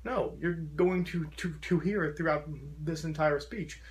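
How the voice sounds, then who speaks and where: A man with a fairly high voice speaks to a support group with a profound stutter, repeating sounds and getting stuck on words. He keeps pressing on in an earnest, encouraging way. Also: a little slow. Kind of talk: motivational talk to a support group.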